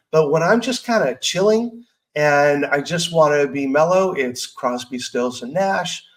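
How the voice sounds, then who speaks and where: A middle-aged man hosts a personal growth podcast, giving a motivational talk in an earnest, candid, conversational way, with asides where he talks to himself. His voice is mid-range with a fairly bright tone, and the recording is rough.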